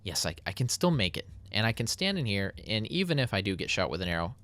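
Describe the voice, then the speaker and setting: A man's voice: lowish voice, big pitch swings, fast, fairly bright tone. A man casually narrating his building game, chatty and self-mocking. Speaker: Minecraft YouTuber. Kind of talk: casual gameplay commentary.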